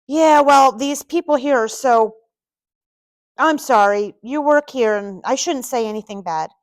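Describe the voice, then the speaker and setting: A woman's voice: a little high, very animated, measured pace. A woman reading a story aloud and voicing a flustered, apologetic man in a raised, emphatic way.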